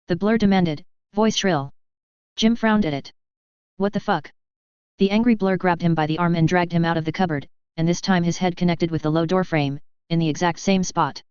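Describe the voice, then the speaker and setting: A woman narrating an audiobook in a wry, deadpan way. Her voice is fairly low and very clear. The recording is dry and a little dull. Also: fairly quick, no room sound. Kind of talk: audiobook narration of fan fiction.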